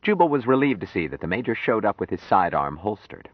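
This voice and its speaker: Male audiobook narrator; very low voice, measured delivery, dry dull recording. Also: big pitch swings, breathy edge, no echo. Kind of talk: audiobook reading.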